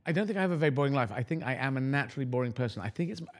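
A middle-aged man from the United Kingdom, a guest talking in a rambling, animated, self-deprecating way. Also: mid-range voice, very fast. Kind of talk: casual conversational interview.

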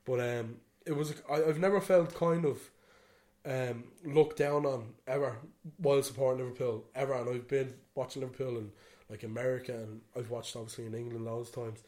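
A man's voice: mid-range voice, steady tone, a little fast, warm tone. An Irish man co-hosting a podcast, rambling through a story in casual chat and swearing freely. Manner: rambling, swears freely, "you know what I mean". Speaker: podcast co-host.

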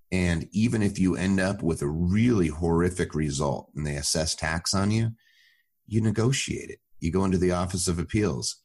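A man talking as a tax advisor guest on a podcast, explaining in a confident, plainspoken way. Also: rumbling low. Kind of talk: podcast interview.

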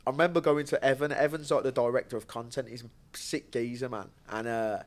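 A man's voice: mid-range voice, fairly even intonation, fairly quick. Young brummie guy on a podcast, rambly storyteller, swears a lot, laughs at his own stuff. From Birmingham, England. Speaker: podcast guest, bare knuckle fighter. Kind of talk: casual chat.

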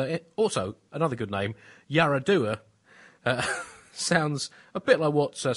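Dry, wry comic cohost. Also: male voice. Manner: dry, ironic, swings between bright and low asides. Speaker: comedy podcast co-host. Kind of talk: satirical comedy chat.

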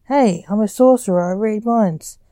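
A woman's voice: medium pitch, normal speed, mellow, no echo, natural voice. A woman reading as a curt, snappish male sorcerer. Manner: snappish, grumbling. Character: curt bureaucratic male sorcerer stage magician.

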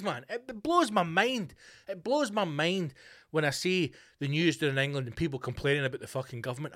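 A Scottish man with a slightly high-pitched voice rants through a podcast monologue. He swears constantly and slips into mocking voices when he quotes people. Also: lively intonation, fairly quick, fairly bright tone. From Scotland. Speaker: podcast host. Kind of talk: casual ranting monologue.

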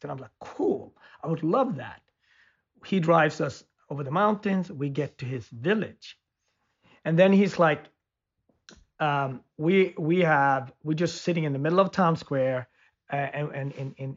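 A man in a loose podcast chat, winding through a story with lots of restarts and fillers. His voice sits on the higher side for a man. The audio is muffled and lo-fi. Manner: rambling storyteller with many restarts. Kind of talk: casual conversation.

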